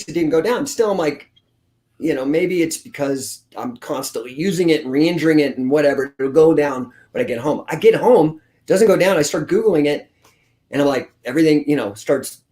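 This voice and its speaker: With a fairly high pitch and a fairly quick delivery, a guest in his forties who works as a grappling coach fills a casual interview with blunt, profane stories. He's an animated teller, and the room echo is roomy.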